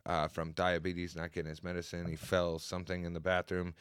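Rambling low-voiced man telling a story. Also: little pitch movement, brisk, a bit bright, smooth, no room sound, clean studio sound. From US, grew up in Buffalo. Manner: rambling, swears, jumps between tangents. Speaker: podcast co-host. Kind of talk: casual storytelling chat. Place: room at a comedy venue.

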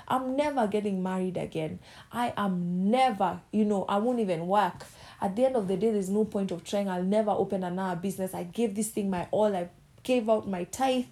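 Mellow-voiced woman preaching with passion. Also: mid-range voice. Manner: passionate, acts out quoted voices. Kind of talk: sermon.

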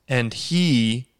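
A man telling a funny true story in a deadpan, casual way. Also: mid-range voice. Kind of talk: casual spoken anecdote.

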